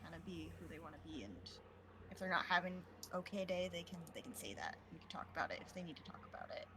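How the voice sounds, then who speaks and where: A soft-spoken, quiet woman chatting casually as a guest on a stream, laughing often. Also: on the low side, expressive, fast, background noise. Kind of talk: casual chat. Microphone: home streaming mic.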